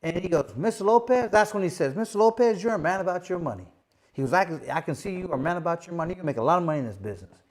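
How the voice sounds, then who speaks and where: A middle-aged former boxing champion, now a host, tells a story in a loose, conversational way, his voice sitting slightly higher than the typical man's. He talks in a rapid-fire stream, peppering it with the same fillers over and over and breaking into animated impressions of whoever he's quoting.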